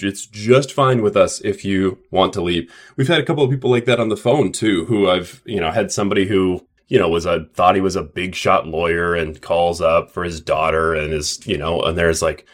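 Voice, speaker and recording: A man's voice: low-pitched, steady tone, normal speed, hardly any pauses. A man co-hosting a casual business podcast. He speaks emphatically in a coaching tone and slips into acted-out dialogue to make his points. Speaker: podcast co-host, clinic owner.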